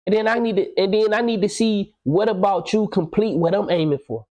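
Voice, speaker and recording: A man's voice: high voice, fairly quick, a little mellow, low-quality recording. Blunt, preachy man in his thirties. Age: 30s. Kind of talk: casual podcast conversation.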